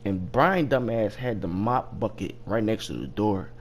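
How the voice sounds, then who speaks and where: A man's voice: lowish voice, lively intonation, a little slow. A young man casually telling a work story, rambling and profane, with loose restarts. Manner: rambling, profane, laughing at his own story.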